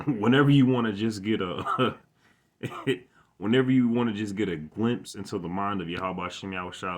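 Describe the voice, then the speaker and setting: A man giving an informal scripture lesson into a phone, halting and repeating words, reading verses aloud with more force. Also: deep voice. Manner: halting, repeats words, stammers when excited. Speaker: scripture teacher.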